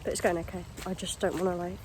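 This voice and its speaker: A woman's voice: on the low side, flat delivery, fast. Breathless young woman vlogging on a run. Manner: chatty, upbeat, informal. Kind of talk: casual running vlog. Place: outdoors on runs. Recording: noisy outdoor phone recording.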